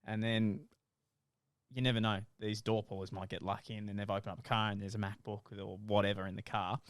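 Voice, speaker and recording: A man's voice: lowish voice, level tone, a little fast, clean tone, no room sound. A young man, co-hosting a podcast, telling stories animatedly with lots of swearing and laughter. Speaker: podcast co-host. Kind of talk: casual chat.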